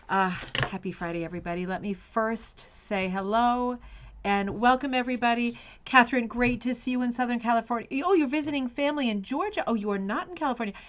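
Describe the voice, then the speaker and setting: A woman hosting a craft live stream, chatting casually and greeting viewers by name with scattered, self-interrupting talk. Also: mid-range voice. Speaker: host of a rug hooking live stream.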